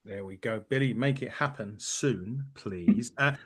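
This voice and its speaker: A man's voice: lowish voice, measured pace, fairly bright tone, breathy edge. A man hosting a wrestling podcast, asking questions in a rambling, friendly way. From United Kingdom. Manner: rambling, friendly, self-correcting. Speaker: podcast host. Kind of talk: casual interview chat.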